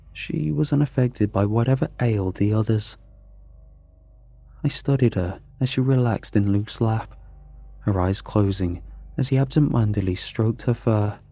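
A man narrating a scripted horror story in a measured, suspenseful way. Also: medium pitch, vocal fry, warm tone.

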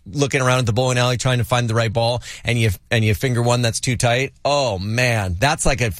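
A man's voice: medium pitch, brisk, no room sound. A man co-hosting a morning radio show, telling stories with mock exasperation, in a studio. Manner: animated storytelling, mock-exasperated. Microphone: studio mic.

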